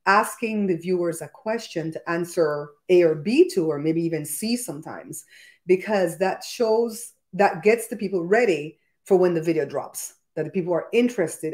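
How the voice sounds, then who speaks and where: A woman's voice: fairly low pitch, animated, normal speed, darkish tone. A woman from Belize, hosting a live cooking stream from her home kitchen and chatting upbeat with viewers, greeting them by name. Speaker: cooking show host. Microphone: laptop live stream with a microphone.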